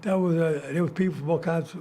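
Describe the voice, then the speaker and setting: A man's voice: on the high side, steady tone, fast talker, dark tone. An older man hosting a talk show, telling casual stories with many restarts and fillers. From United States. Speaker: host. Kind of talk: casual storytelling chat.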